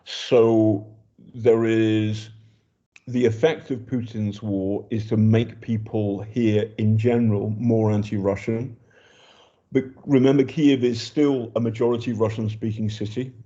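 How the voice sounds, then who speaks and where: A man's voice: on the low side, little pitch movement, a little slow, warm tone, lo-fi sound. An older British man, a journalist reporting from a war zone, talking in a chatty, hesitant way with many ums and restarts. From Britain. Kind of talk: casual spoken report.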